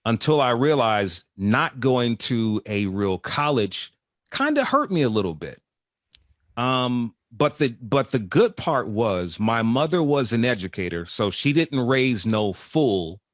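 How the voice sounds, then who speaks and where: Lively radio veteran man in his fifties. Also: mid-range voice, a little slow, dry recording, clean studio sound. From Chicago, USA. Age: 50s. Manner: animated storyteller, voice jumps up when excited. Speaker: radio host, guest. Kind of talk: storytelling interview answers.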